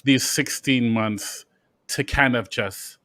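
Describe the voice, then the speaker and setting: A man hosting an interview show, playful and quick to laugh. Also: medium pitch, a bit bright, dry recording. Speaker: host. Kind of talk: interview chat.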